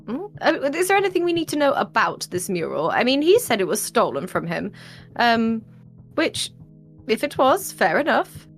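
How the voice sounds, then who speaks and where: A woman's voice: fairly high pitch, big pitch swings, moderate pace, faint music behind. A woman playing her character in a tabletop game, chatty and theatrical. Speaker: player. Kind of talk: in-character tabletop role-play.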